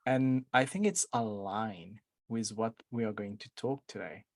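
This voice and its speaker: A man's voice: on the low side, measured pace, dry recording. A man co-hosting a casual podcast, chatting in a playful, loose way as he introduces the show. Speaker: podcast co-host, life coach.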